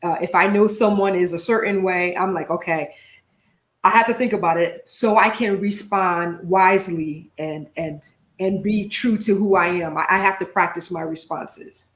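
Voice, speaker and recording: A woman's voice: on the low side, normal speed, roomy sound. A woman hosting a podcast interview, chatting casually with plenty of fillers and restarts. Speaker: podcast host.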